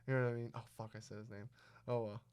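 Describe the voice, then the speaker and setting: A young man telling a story on a casual podcast, swearing freely and talking with animation. His voice is smooth and resonant, pitched in the middle for a man. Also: flat delivery, very fast, darkish tone. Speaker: podcast host. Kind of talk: casual chat.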